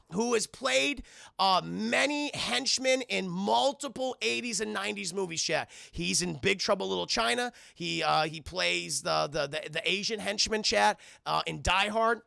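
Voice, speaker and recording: A man with a gravelly, fry-laden voice that sits high for a man, recapping an action movie scene by scene for his live chat. He swears constantly, keeps calling out to the chat and jumps into short acted bits of dialogue. His tone is bright and sharp, and the sound is dry and close. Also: dry recording. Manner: profane, keeps addressing the chat, acts out movie lines. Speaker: film reviewer and streamer. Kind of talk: casual scene-by-scene film recap.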